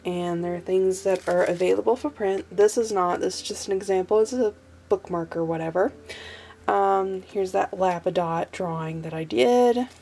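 Young woman, hoarse and sleepy from allergies, rambling with ums, gravelly voice, faint hiss. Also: mid-range voice, moderate pace, dark tone. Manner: rambling and giggly, lots of ums and asides. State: stuffy and losing her voice from allergies; tired, short on sleep. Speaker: artist showing her sketchbook. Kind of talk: casual sketchbook flip-through vlog.

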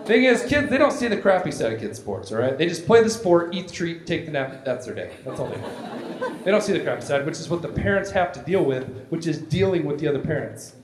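A man in his forties doing a stand-up comedy routine on stage, loud and animated, often shouting for effect. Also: fairly high pitch, quick pace. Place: comedy stage before a live audience. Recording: echoey live room with crowd.

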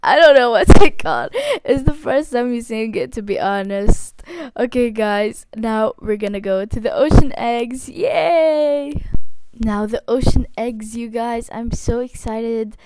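A woman hosting her gaming channel, giving gushing, excitable commentary and squealing often. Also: fairly high pitch, unhurried, smooth. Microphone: faulty mic. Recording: noisy faulty home mic.

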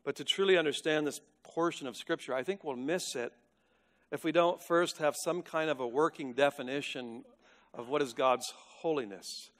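A male pastor preaching a sermon, earnest, rising to loud emphatic peaks and dropping to a hushed tone. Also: on the high side, moderate pace. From United States. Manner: earnest, builds to loud emphatic peaks then drops to a hush.

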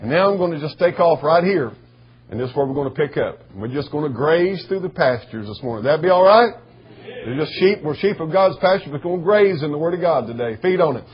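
A middle-aged man preaching a sermon as pastor, emotional, going from soft and teary to shouting. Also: fairly high pitch, lively intonation, fairly quick, husky. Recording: dull lo-fi church recording.

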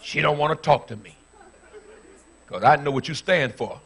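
A man's voice: on the high side, normal speed, breathy edge. Fervent preacher man in his fifties. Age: 50s. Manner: storytelling with bursts of shouting, then fervent prayer. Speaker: pastor. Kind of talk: sermon.

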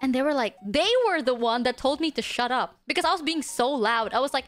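A woman's voice: high-pitched, animated, quick pace, few pauses, faint music behind. A woman vtuber streamer chatting casually and rambling with lots of fillers and laughs, sometimes dropping to a whisper. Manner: drops to a hushed whisper at times. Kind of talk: casual livestream chat.

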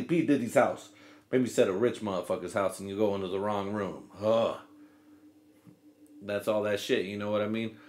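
A man's voice: mid-range voice, a little mellow. Comedy podcast host, male, loose and profane, rambles and does goofy quote voices.

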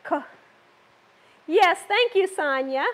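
Chatty high-voiced woman host. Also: expressive, slow pace, a bit bright. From Southern United States. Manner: chatty, talks to viewers and reads comments; laughs often. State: getting over an illness. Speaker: cooking show host. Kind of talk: live cooking stream. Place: home kitchen.

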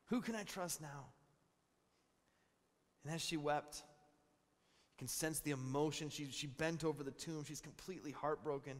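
A man's voice: fairly high pitch, a little slow, pauses often. Man preaching in an echoing hall. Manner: animated storytelling with repeated words. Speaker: pastor. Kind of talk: sermon. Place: large church hall. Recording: long reverb in a church hall.

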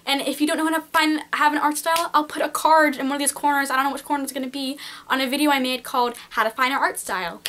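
A woman's voice: high-pitched, fairly even intonation, fast talker, sharp tone, slight background noise. A teenage girl giving casual, peppy, encouraging art advice straight to her viewers. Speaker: art vlogger. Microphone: camcorder mic.

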